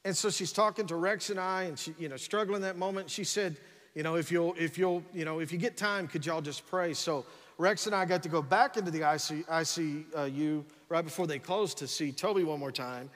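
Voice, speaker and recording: High-voiced preacher in a reverberant hall. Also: male voice, fairly quick. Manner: energetic preaching with frequent "come on" and repeated restarts. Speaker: pastor. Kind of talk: sermon. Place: church sanctuary. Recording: long reverb of a large church hall.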